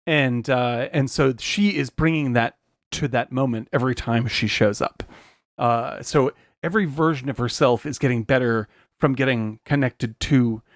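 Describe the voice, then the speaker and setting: A man co-hosting a film podcast, thinking out loud with frequent fillers and restarts. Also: medium pitch, normal speed, dry recording, clean studio sound. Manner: searching for words, many restarts and fillers. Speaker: podcast co-host. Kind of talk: casual film discussion.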